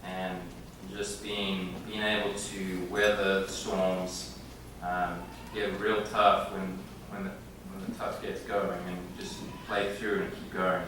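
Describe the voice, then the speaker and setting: A man in his thirties giving a halting, heartfelt acceptance speech, with many pauses and filler sounds, in a large banquet room. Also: low voice, little pitch movement, distant mic. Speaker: hall of fame inductee. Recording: echoey banquet hall from afar with room noise.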